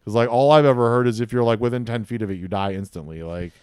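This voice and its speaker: A man's voice: medium pitch, quick pace, a little mellow, clean tone, dry recording. A young man in casual chat, laid-back and swearing freely, filling his talk with "dude" and "bro".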